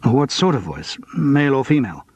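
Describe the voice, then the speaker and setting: A man's voice: mid-range voice, big pitch swings, fairly quick, a little mellow, husky. A man reading an audiobook, voicing a middle-aged amateur sleuth who asks careful, probing questions.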